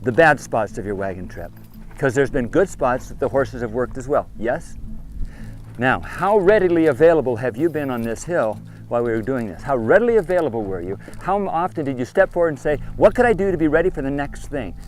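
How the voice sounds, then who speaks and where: A man's voice: mid-range voice, animated, fairly quick, a little hiss or hum. A man leading a group outdoors, lecturing them sternly and firing off repeated questions and commands. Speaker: trip leader addressing a group of kids.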